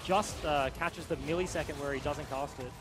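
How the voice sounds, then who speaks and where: A young man giving quick, analytical play-by-play for an esports match. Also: fairly high pitch, music in the background. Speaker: esports caster. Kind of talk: fast esports commentary.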